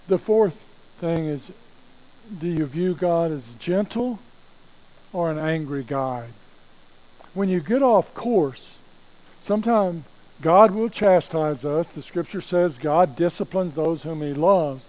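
A man's voice: fairly high pitch, a little slow, mellow, rough recording. A pastor preaching a conversational sermon, repeating phrases and restarting his sentences as he goes.

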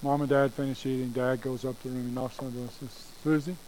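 A man's voice: mid-range voice, little pitch movement, racing, a little mellow, slight background noise, rough recording. A man telling a folksy story with chatty asides to the audience.

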